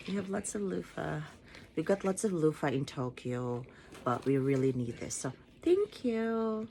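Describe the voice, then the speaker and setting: Filipino woman vlogger, casual unboxing chat, low voice with a lively lilt, faint room hum behind. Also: takes it slowly. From Philippines. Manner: chatty, giggly, playful exclamations. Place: home in Japan.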